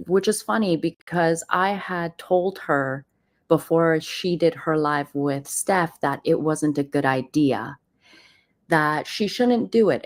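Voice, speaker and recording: A woman hosting a livestream in casual commentary, chatting directly to her viewers as friends. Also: sits low. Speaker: host of a livestream channel. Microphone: computer mic on a live stream.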